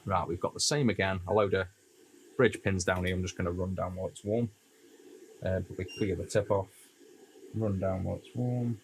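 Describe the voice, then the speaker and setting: Speaking a little fast and pausing often, a low-pitched man from Stoke-on-Trent, England chats with his stream audience while soldering. He repairs retro consoles and rambles easily, replying to chat as he goes, in a Potteries accent. The audio is poor, with slight background noise.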